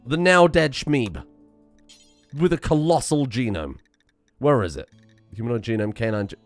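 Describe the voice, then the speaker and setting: Man, let's play commentary, rambling nonstop, exasperated, faint music behind. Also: mid-range voice. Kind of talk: video game commentary.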